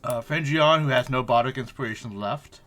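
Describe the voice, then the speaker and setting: A man's voice: mid-range voice, moderate pace, music in the background. A man running a streamed tabletop game as game master, chatty and joking.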